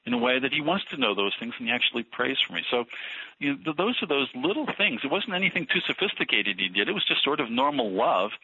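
A man talking through ministry ideas in an interview, thoughtful and halting with many restarts. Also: medium pitch, pushed and bright, breathy edge. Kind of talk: conversational interview about ministry. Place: Philadelphia. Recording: dull lo-fi radio audio.

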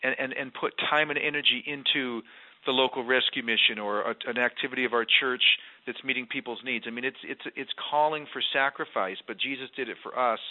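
A man's voice: mid-range voice, a little fast. A man, a former mayor, speaking as a guest in an earnest, emphatic faith conversation. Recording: tinny phone-line sound.

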